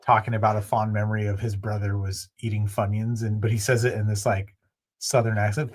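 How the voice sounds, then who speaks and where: A man's voice: lowish voice, moderate pace. A man co-hosting a podcast in casual chat, telling anecdotes and acting out the quotes. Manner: animated storyteller acting out quotes. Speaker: podcast co-host.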